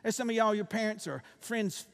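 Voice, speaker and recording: A man, preaching a sermon with animated swings from loud bursts to quiet intensity. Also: sits high, moderate pace, vocal fry, in a large hall. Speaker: pastor.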